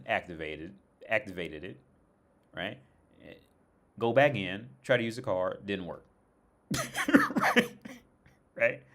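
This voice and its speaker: A young man from the States rants casually about his troubles, swearing freely and tripping over his own words. His voice sits fairly low, and he sounds fed up and sarcastic as he talks. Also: fairly bright tone. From United States. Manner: profane, exasperated storytelling with many restarts. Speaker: streamer. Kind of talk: casual rant.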